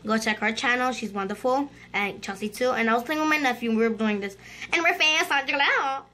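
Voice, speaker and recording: A woman hosting a gaming channel, giving excitable let's-play commentary and chattering to her viewers. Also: on the high side, fairly quick.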